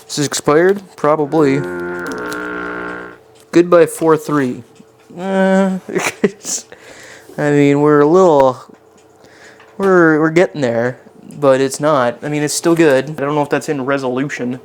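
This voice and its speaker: A man's voice: fairly high pitch, measured pace, slight background noise. A man chatting casually while cooking on a live stream in his home kitchen, rambling and poking fun at himself as he talks to his chat.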